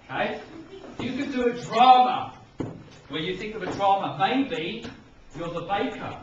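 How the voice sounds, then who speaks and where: A man's voice: sits high, lively intonation, unhurried. Upbeat man teaching in an echoey hall. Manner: upbeat, encouraging, demonstrates with acted examples. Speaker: museum educator. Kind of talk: teaching young children. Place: large museum hall. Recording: echoey, distant, muffled, noisy.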